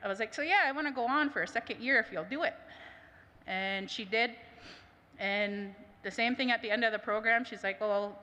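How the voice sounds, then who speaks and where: In a reverberant conference hall, a woman language teacher at a summit tells a chatty personal story packed with quoted dialogue and plenty of "I was like" lines. Her voice sits on the high side, bright and forceful, at a moderate pace.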